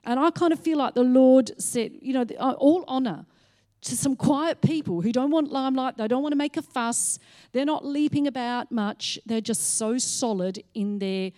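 A woman's voice: high voice, moderate pace, mellow. A woman giving a personal testimony from a church stage, speaking in a frank, chatty way.

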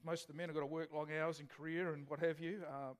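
A male preacher with a notably high voice gives a relaxed, conversational sermon. He keeps turning questions back to his congregation as he tells a story. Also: fast. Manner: chatty, asks the congregation questions. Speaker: pastor.

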